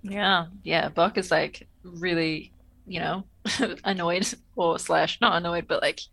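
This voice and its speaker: A woman's voice: lowish voice, fairly even intonation, slow, gravelly, a bit bright, breathy edge, no echo. A woman co-hosting a podcast in casual chat, often laughing and swearing freely. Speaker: podcast co-host. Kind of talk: casual chat recapping a TV episode.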